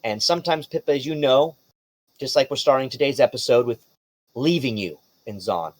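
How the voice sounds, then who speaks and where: A man's voice: medium pitch, moderate pace, dry recording. Man game master, casual and vivid, close dry sound. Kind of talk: narrating a tabletop game.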